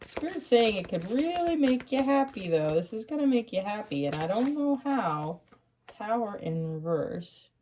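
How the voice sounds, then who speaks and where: A woman giving a casual tarot reading who gets excited, laughs often, swears casually and calls the listener honey. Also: mid-range voice, moderate pace. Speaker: tarot reader.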